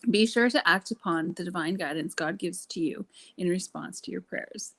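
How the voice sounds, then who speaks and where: A woman's voice: fairly low pitch, moderate pace, creaky. A woman chatting casually on a live video call, telling stories and reading out spiritual cards. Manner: animated storytelling, acts out quotes. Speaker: card reader in a women's circle. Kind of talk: casual live-stream chat.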